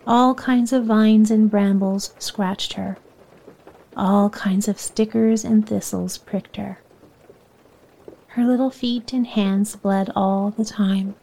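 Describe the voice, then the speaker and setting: Woman, bedtime story reader, soft-spoken, near whisper, slow, mellow dark tone. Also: medium pitch, steady tone, creaky, poor audio.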